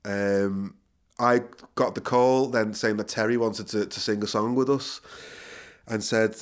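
A man's voice: on the low side, clear, resonant tone. A middle-aged man, a musician guest, telling a story in a casual interview, laughing and correcting himself as he goes. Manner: animated storyteller, quick self-corrections, frequent laughter.

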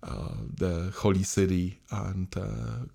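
Priest co-host, halting and hesitant, very low voice. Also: male voice, steady tone, creaky, warm tone, slightly rough. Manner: halting, many restarts and fillers. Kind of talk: conversational reflection.

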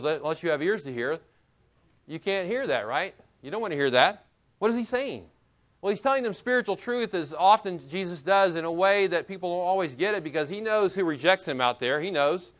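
Man, pastor, sermon, somewhat higher voice, reads scripture then comments casually. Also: a bit bright. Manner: expository preaching, reads scripture aloud and comments; conversational asides, chuckles.

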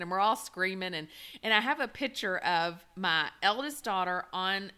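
A woman's voice: mid-range voice, normal speed, sharp tone, smooth. A woman in her forties, telling a funny story in casual chat, laughing often with lots of fillers. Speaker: podcast co-host.

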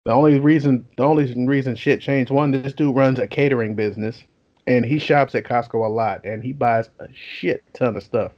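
Young guy, mid-pitched, swearing, animated storyteller; dull lo-fi podcast sound. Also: normal speed. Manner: profane, animated storytelling with laughs. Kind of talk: casual storytelling chat.

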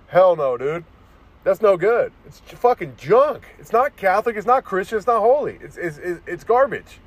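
A man's voice: high-pitched, sing-song, moderate pace. A man ranting in a casual monologue as a vlogger, profane and rambling, restarting his sentences often.

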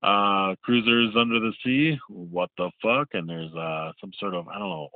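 Casting: male comedy podcast host, low voice, loose and laughing, narrating a clip. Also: moderate pace, no echo. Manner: rambling, laughing, full of fillers. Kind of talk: comic video recap. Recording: tinny phone-like sound.

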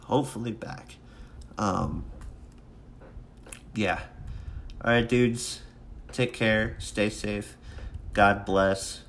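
A young man hosting his own podcast, talking alone in a rambling, halting way with many restarts and fillers. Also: lowish voice, fairly even intonation, vocal fry, a bit bright, a little hiss or hum. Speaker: podcast host. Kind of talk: casual solo podcast monologue.

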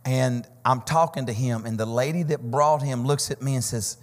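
A man preaching a Pentecostal sermon, telling testimony stories that build to shouting, sing-song peaks. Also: medium pitch, moderate pace, few pauses. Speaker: visiting preacher. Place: church sanctuary. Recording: church hall reverb with keyboard music.

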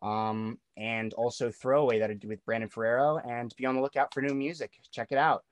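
A man's voice: mid-range voice, fairly even intonation, brisk, dry recording. A young man in his twenties, a musician guest in a casual interview, talking loosely with lots of swearing, fillers and restarts.

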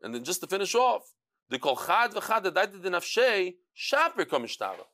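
Animated high-voiced male Talmud teacher. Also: normal speed. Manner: animated, acts out quoted speakers, mixes Hebrew and Yiddish terms. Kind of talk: Talmud class lecture.

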